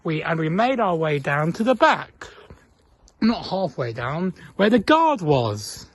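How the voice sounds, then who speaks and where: Earnest, chatty high-voiced young man. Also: sing-song, slow pace, no room sound. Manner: earnest, chatty, retells scenes by acting out quoted voices. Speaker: vlogger. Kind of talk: casual storytelling.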